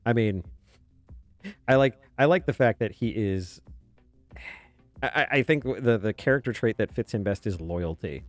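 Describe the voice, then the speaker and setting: Brief: man, low voice, relaxed livestream chatter while drawing, soft music underneath. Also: normal speed, pauses often, dry recording. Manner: rambling, chuckling, muttering softly while working. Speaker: webcomic artist streaming. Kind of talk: casual chat while drawing on stream. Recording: faint music behind.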